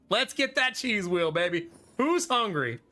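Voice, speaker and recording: Faint game music plays as a man in his thirties laughs and chats with his stream audience during a card game. He speaks at a slow pace in a high, sharp-toned voice that's very animated.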